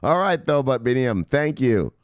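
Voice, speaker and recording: A man hosting a crypto news show, talking casually and brashly to his viewers, swearing often and reading out viewer shout-outs. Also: medium pitch, big pitch swings, moderate pace, clean tone, no echo, studio quality. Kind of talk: casual profane market commentary to viewers.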